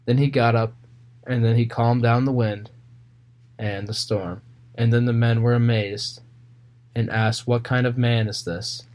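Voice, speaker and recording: A man reading Bible passages aloud and retelling them casually in his own words, with fillers and pauses. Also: mid-range voice, steady tone, darkish tone. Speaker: Bible reader.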